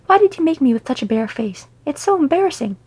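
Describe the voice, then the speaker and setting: A woman voicing a proud male dwarf king who is gruff and grumbles sulkily. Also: high voice, big pitch swings, fast talker, a little mellow, pitched above the performer's own voice. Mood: sulky. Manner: grumbling, sulky pleading.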